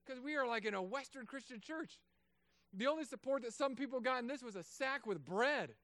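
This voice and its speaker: In church, a pastor preaches a sermon in a casual, joking style, shifting between quiet asides and loud, emphatic passages. His voice is very high, expressive and brisk, and the recording is dry.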